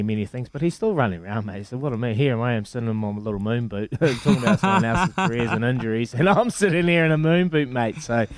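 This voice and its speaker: A man, chatting as a podcast guest and telling lively stories, often saying "mate.". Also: mid-range voice, no echo. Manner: animated storyteller, says "mate" often. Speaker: rugby player guest. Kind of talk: casual podcast chat.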